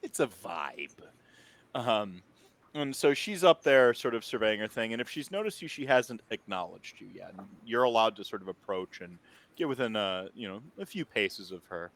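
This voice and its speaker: A man's voice: fairly low pitch, big pitch swings, normal speed, a bit bright. A man from the American Midwest narrating a tabletop role-playing game, rambling with lots of fillers. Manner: rambling, filler-heavy, laughing often. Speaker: game master.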